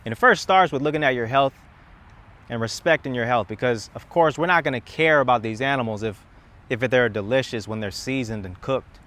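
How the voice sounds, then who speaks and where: A man's voice: mid-range voice, fairly quick, a bit bright. A young man speaking in a casual, rambling monologue, impassioned and emphatic, often repeating words and restarting his sentences, recorded outdoors in a city. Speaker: content creator.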